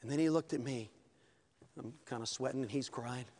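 A man preaching a sermon, telling a story with lively swings from hushed to shouting. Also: mid-range voice, a little fast.

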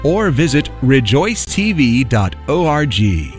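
A man reads the closing announcement of a radio program in a measured, clear way, spelling out contact details with a lively lilt. A soft music bed plays underneath. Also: medium pitch. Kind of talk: scripted broadcast outro.

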